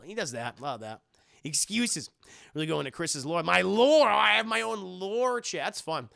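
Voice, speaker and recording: A man's voice: sits high, creaky, no echo, clean studio sound. A man with a daughter, live-streaming, reading chat aloud and joking around in casual talk. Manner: joking, animated, quick impressions.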